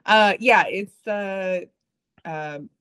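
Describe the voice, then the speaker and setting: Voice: medium pitch, very slow, a bit bright, clean tone. A podcast co-host who reads a personal essay aloud and then chats casually, candid and profane, with rambling asides.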